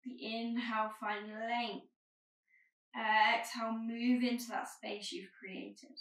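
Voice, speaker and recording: A woman yoga teacher giving calm, gentle spoken cues through a guided flow. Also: on the high side, slow pace, roomy sound, far from the mic, low-quality recording.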